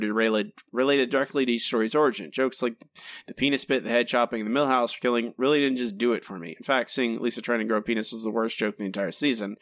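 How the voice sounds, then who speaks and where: A podcast co-host and episode reviewer with a medium-pitched, fairly bright voice gives a candid, critical spoken review in casual chat, hesitating when he's unsure.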